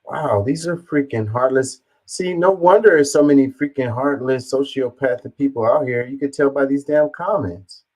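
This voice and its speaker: A man's voice: medium pitch, normal speed, few pauses, a little mellow, low-quality recording. A man casually reacting to a news story, reading viewer comments aloud and swearing bluntly.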